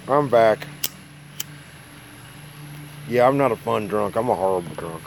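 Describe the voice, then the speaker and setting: A hungover Mississippi man who builds models on his live stream rambles through casual chat in a folksy, self-mocking way. His voice is lowish, animated and a little slow, with some creak, and a faint hiss or hum sits under it.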